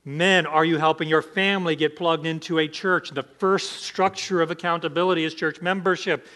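A man's voice: a little high, fairly even intonation, normal speed, pushed and bright. A man pastor preaching an emphatic sermon, asking the congregation rhetorical questions.

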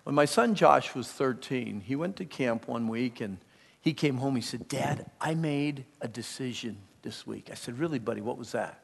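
A middle-aged man preaching a sermon, emphatic, moving from hushed, intimate lines to loud bursts, with storytelling asides. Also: mid-range voice, lively intonation, normal speed, gravelly, slightly rough, in a large hall. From Pennsylvania.

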